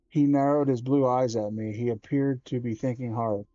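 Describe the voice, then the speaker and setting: A man reading a children's horror book aloud, slow and measured with small self-corrections. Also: mid-range voice, fairly even intonation, mellow, no room sound, lo-fi sound.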